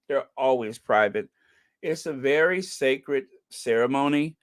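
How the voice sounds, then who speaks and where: A man's voice: medium pitch, clean tone, no echo, clean studio sound. A man hosting a podcast, chatting casually and reading out viewer comments, with frequent ums and uhs and repeated phrases for emphasis. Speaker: podcast host.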